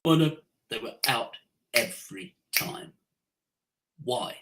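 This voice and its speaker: Expressive voice coach swinging pitch and pace. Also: takes it slowly, low-quality recording. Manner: acts out everyday scenes in changed voices. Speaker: guest voice coach. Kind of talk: podcast interview, coaching talk.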